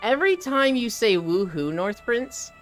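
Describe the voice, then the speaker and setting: A live streamer chatting casually while walking on a treadmill, reading chat aloud and telling stories with lively animation. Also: mid-range voice, measured pace, soft background music. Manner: reads chat aloud and riffs, animated storytelling.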